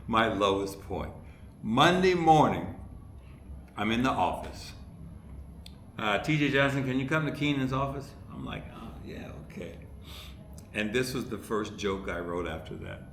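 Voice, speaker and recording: A podcast guest from Ohio, a comedy writer, tells stories in casual chat and brings quoted people to life by acting them out. His voice is on the low side, a little slow, with frequent pauses, recorded in an echoey room with faint background noise.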